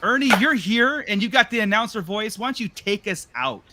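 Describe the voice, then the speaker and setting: A man's voice: sits high, animated, brisk, noisy background. A man hosting a casual livestream podcast, chatty and loose, thanking viewers. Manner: loose, chatty, laughs often. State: tired. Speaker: podcast host.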